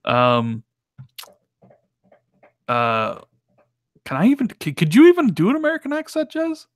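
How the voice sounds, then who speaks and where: A man's voice: high voice, wildly swooping pitch, unhurried, no echo. A man with a Chicago accent co-hosting a podcast in casual chat, often hesitant as he reads out viewer messages. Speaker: podcast co-host.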